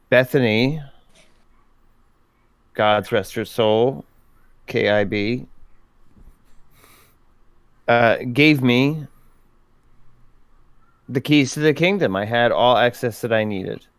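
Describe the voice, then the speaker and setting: A man speaking in character as a tabletop game player, halting and breaking into laughs. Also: medium pitch, smooth, dry recording. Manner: halting, with frequent fillers and laughter. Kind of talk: in-character tabletop role-play.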